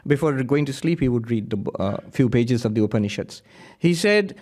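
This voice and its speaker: A man who is a monk, giving a lively spiritual lecture full of anecdotes and frequent laughter. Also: medium pitch, normal speed. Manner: animated storyteller who laughs often.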